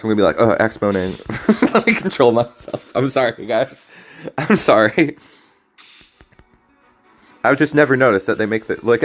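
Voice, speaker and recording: A man casually commentating his own card game stream, rambling and joking, often cutting himself off and apologizing. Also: fairly low pitch. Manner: rambling, jokey, self-interrupting, apologetic. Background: faint game music.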